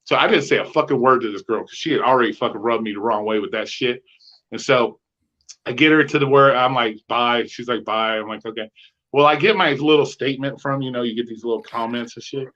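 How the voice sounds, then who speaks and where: A man's voice: mid-range voice, fairly quick. Profane, storytelling rideshare driver man. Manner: profane, animated storytelling with quoted dialogue. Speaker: podcast co-host, rideshare driver. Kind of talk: casual chat, storytelling. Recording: slightly dull lo-fi sound.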